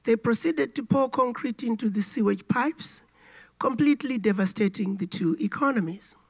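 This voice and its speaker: A woman giving a formal address to an audience, her voice raspy and hoarse from a cold, telling history in a measured, lightly humorous way. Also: a little high. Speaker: keynote speaker.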